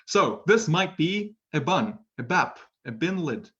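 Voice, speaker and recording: A man's voice: a little high, very animated, unhurried, sharp tone. Chatty male English teacher, lo-fi audio. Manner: chatty, often tags "right?"; reads out viewer comments. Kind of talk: live online lesson.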